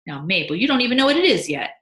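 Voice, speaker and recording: A woman's voice: mid-range voice, sing-song, racing, a bit bright, pitched above the performer's own voice. A woman voicing a sly, boastful male beekeeper who teases his wife, in a read-aloud story. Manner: teasing, pleased with himself. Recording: echoey room.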